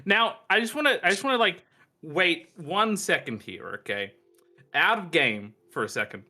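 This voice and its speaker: Bright, excitable man at a game table. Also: sits high, moderate pace. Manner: excitable, laughing often. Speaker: player. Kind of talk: casual game chat.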